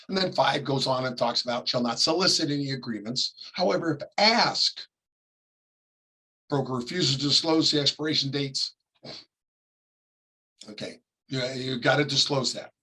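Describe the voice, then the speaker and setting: A middle-aged man from California teaching a class, talking casually and acting out quick examples, often coughing and clearing his throat. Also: mid-range voice, sharp tone, poor audio. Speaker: real estate ethics instructor. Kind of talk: classroom lecture.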